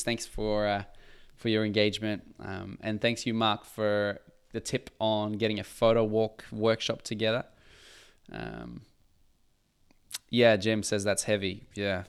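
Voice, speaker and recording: A middle-aged photographer hosting a casual live Q&A, reading out viewer comments in a chatty, earnest way with frequent restarts. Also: male voice, fairly low pitch, a bit bright, clean tone. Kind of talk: casual livestream chat.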